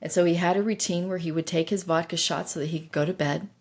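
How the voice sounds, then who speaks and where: A woman's voice: fairly low pitch, fairly even intonation, fast. Earnest woman recounting a hard story. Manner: earnest, intense retelling. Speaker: storyteller sharing her own experience. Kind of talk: personal recovery story podcast.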